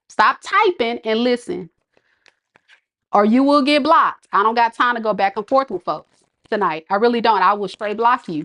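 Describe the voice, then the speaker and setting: A woman tarot reader scolding her live viewers in an exasperated, laughing rant. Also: mid-range voice.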